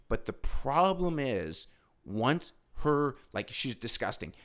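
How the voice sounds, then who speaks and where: A stand-up comedian tells a rambling story in a loose, casual way, swearing freely and getting animated as he goes. His voice is smooth and crisp, with a forceful, bright edge. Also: mid-range voice, slow pace.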